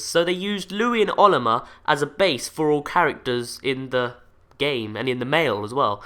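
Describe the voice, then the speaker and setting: A man hosts a casual commentary video, running through fan theories in an animated way. His voice is bright and sharp, and his pitch jumps around a lot. He keeps dropping into mumbled, jokey asides. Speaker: video host.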